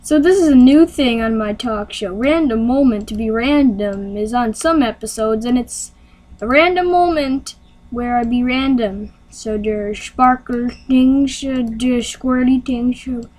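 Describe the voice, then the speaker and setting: A woman's voice: a little high, measured pace, darkish tone. A young woman hosting her homemade talk show, rambling in a silly, random way with sound effects, on a computer mic. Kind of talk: rambling casual screen-recorded vlog.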